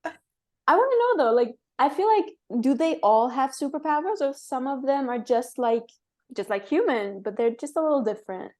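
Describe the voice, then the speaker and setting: A woman's voice: high voice, expressive, normal speed, a little mellow. A woman hosting a casual chat, asking eager, curious questions. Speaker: host.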